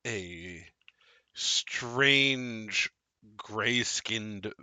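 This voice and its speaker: A man narrating a tabletop game as game master, describing scenes slowly. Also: fairly low pitch, pushed and bright, no echo.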